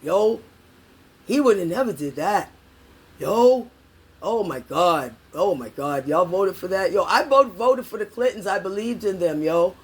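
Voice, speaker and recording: A middle-aged political vlogger from New York, with a mid-range, slightly rough voice, rails profanely and angrily to her viewers. She calls them y'all and keeps repeating herself to drive her points home.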